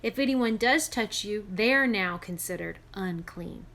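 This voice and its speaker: A woman teaching other women, retelling a Bible story in an animated, emphatic, chatty way. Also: medium pitch, unhurried.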